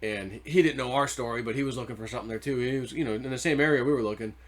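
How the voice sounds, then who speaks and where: A man's voice: mid-range voice, rapid-fire. A man hosting his own video channel, telling a long story in a rambling, loose way full of "like" and "you know". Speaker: treasure-hunting video host. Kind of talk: casual storytelling monologue.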